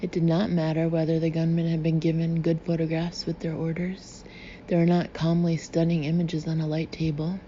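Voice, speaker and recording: A woman narrating an audiobook in an even, measured reading. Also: sits low. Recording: slightly dull recording with faint hiss.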